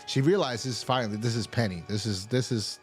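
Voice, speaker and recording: Male show reviewer, mid-pitched, loose and profane, faint music under him. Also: fairly quick. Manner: rambling, profane, acts out quotes. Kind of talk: casual episode recap.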